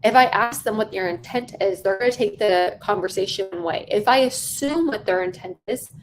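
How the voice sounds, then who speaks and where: A sales trainer gives a conversational coaching lesson on sales-call technique, her voice medium in pitch and her pace moderate on a rough recording. She's emphatic, repeating key phrases for stress and often checking in with "right?"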